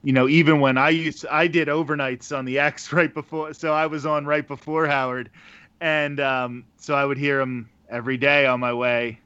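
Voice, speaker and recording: A man's voice: a little high, normal speed, smooth, no echo. Radio guy chatting easy, bit muffled and lo-fi, dry close sound. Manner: relaxed, laughs between points. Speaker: radio broadcaster guest. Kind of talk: casual conversational interview.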